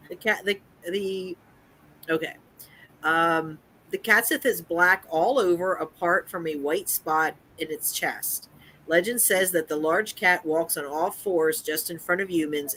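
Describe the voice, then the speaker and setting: Bright-voiced host reading aloud. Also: medium pitch, slight background noise, low-quality recording. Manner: reads from an article with frequent restarts. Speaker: host of a cat advocacy live stream. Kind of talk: live chat and reading folklore aloud.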